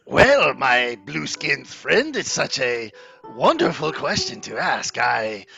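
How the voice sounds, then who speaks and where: A man voicing a pompous, falsely cheerful male baron who rules a town, loud and grand and curt with his wife. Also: medium pitch, very animated, takes it slowly, vocal fry, muffled recording, faint music behind, full character voice. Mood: grandly cheerful.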